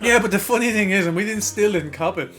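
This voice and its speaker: Swearing Irish lad telling a story. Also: male voice, sits high, quick pace, bright, forceful tone, soft background music. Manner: swearing, laughing, acting out voices in his stories. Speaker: podcast co-host. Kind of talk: crude casual storytelling.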